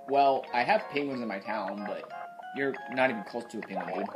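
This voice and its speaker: A man chatting casually over his own gameplay, laid-back and talking to viewers, with loud game music behind him. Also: mid-range voice, a little fast, rough recording. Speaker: gaming video host.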